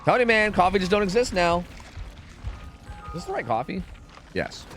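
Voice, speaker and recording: A man's voice: high-pitched, very animated, moderate pace, fairly bright tone, soft background music. A young American man chatting casually while streaming a game, rambling, swearing and humming to himself. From United States. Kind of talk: casual gaming livestream chat.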